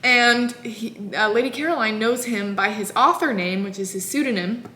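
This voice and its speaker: A woman in her twenties casually recapping a novel in an animated, exasperated way, full of "like". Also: on the high side, moderate pace. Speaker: book vlogger. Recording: echoey room.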